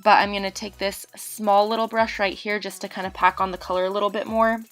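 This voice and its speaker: A young woman recording a casual voiceover for a makeup tutorial, chatty and rushed, a little out of breath and tongue-tied. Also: mid-range voice, flat delivery, soft background music. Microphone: home voiceover mic.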